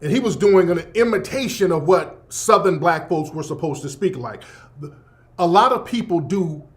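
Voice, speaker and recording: A man's voice: high voice, animated, normal speed. A man hosting a radio show, delivering a blunt, profane, emphatic opinion monologue. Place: Los Angeles.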